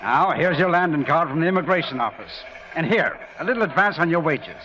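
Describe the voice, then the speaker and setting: A man's voice: a little high, animated, brisk, close to an everyday voice. An actor playing a fatherly, reassuring ship captain, in 1940s radio acting. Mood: kindly. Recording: dull old radio recording.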